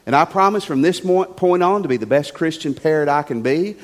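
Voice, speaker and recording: A man voicing a formerly foul-mouthed male pet parrot who now apologizes in a hushed, humble way. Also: a little high, animated, a little fast, in a large hall, pitched below the performer's own voice, lightly acted. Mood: contrite.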